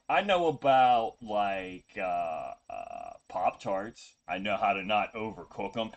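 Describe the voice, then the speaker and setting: A man streaming a video game, chatting casually in a rambling, joking, low-key way. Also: fairly bright tone. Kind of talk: casual gameplay stream chat.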